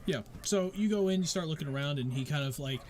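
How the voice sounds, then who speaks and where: Rambling game master, casual and halting. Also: male voice, fairly high pitch, animated, darkish tone, a little hiss or hum. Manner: rambling, many fillers and restarts. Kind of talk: narrating a tabletop game.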